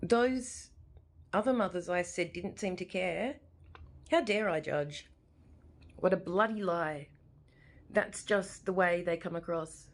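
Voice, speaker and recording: Her voice is fairly low and slow, with frequent pauses, as this Australian vlogger in her forties talks straight to camera at home. The setting is her living room, and her emotional monologue rambles and repeats itself with real feeling.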